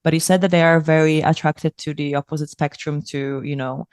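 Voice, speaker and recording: A man with a fairly high voice hosts a casual podcast interview. He asks chatty, appreciative questions, recorded dry and close with no room sound. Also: fairly even intonation, a little fast, clear, resonant tone, no room sound. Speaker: podcast host.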